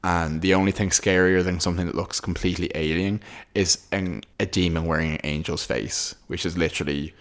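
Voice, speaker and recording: Guy with a really deep voice, podcast chat, trips over his words a lot. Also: steady tone, brisk. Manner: rambling, many restarts, enthusiastic. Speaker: podcast co-host. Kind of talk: casual chat.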